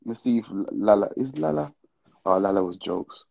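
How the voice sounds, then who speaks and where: A man hosting a casual livestream, tipsy and excitable, heavy on slang as he calls out to viewers. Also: fairly low pitch, a little fast, gravelly. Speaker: livestream host. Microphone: live stream with call-ins. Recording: dull lo-fi stream audio.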